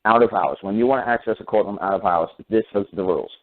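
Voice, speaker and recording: Man on a talk radio call, emphatic and repetitive, low voice, tinny phone sound. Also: fast talker. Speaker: guest caller on talk radio. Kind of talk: talk radio storytelling and opinion.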